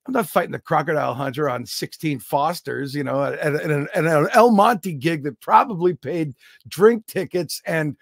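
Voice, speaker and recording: Gravelly, high-voiced comedian man. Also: moderate pace, no room sound, studio quality. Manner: self-deprecating, animated, jokey asides. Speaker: comedian guest. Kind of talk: comic storytelling.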